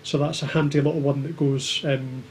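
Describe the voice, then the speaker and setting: A man chatting casually on a livestream, speaking at a middling pitch in a flat, even tone. He hesitates often and pads his sentences with ums. A faint hum of noise runs underneath. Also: normal speed. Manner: hesitant, with many filler ums. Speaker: co-host of a maker livestream.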